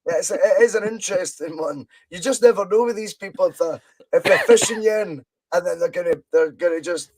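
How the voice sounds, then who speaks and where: A Scottish man in his thirties with a high voice rattles on in a casual podcast, excitable and sweary. He drifts from point to point over a video call. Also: brisk, poor audio. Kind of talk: casual football podcast chat.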